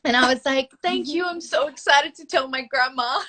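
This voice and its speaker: A woman's voice: high voice, moderate pace. A young adult woman with an Australian accent, a musician laughing often as she tells stories in casual chat. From Sydney, Australia. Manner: giggly, excitable, says "oh my God" often. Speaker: musician guest.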